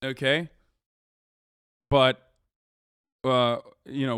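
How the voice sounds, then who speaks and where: A male streamer in his thirties riffs on the news in a sarcastic, rambling way. He swears a lot, and his voice sits a little high. The mic is close, with a dry, dead room. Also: normal speed, a bit bright, no room sound. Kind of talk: casual live-stream reaction commentary.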